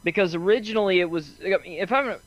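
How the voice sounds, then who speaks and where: A man's voice: high-pitched, quick pace, dull audio. A man co-hosting a casual chat, easygoing and enthusiastic as he muses. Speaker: podcast co-host.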